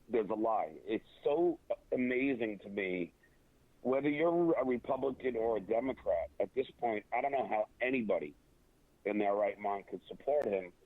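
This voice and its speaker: A man's voice: medium pitch, dry recording. Opinionated man on a tinny phone line. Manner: halting, many restarts and fillers. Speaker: guest. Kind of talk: casual interview over a phone line.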